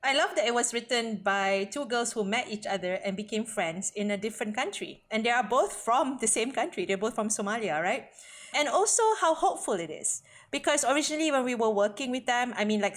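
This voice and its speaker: A woman's voice: fairly high pitch, fairly quick. Chatty woman hosting a book podcast. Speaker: podcast host. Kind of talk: casual chat.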